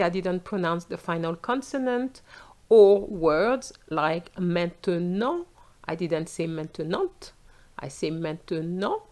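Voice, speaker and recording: A woman with a French accent teaches with a slightly low voice. She speaks very slowly and deliberately, spelling out letters one at a time and modelling each word with care. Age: middle-aged. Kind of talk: pronunciation lesson.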